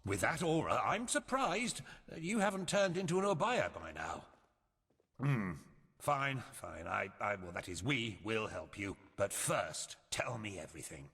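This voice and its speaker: An actor playing a grumpy old male scholar-mage who talks down to others in a husky, scolding way. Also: on the low side, sing-song, unhurried, fairly bright tone, long reverb tail, heavily acted. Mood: curious. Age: older. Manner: condescending, scolding.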